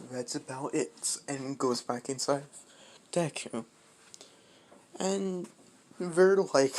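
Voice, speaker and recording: Casual improvising storyteller, halting and very slow, faint background hiss. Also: mid-range voice, darkish tone. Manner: halting, many fillers and restarts, casual swearing. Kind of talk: improvised fan-fiction storytelling.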